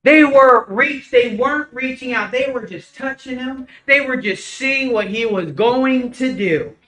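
A man preaching a casual, conversational sermon, telling stories with lively acted-out dialogue. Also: very high voice, measured pace, low-quality recording. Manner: animated storytelling, acts out dialogue.

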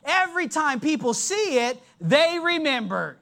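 A preacher giving a sermon in an emphatic, deliberate way, dropping his voice low to stress points. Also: animated, pushed and bright.

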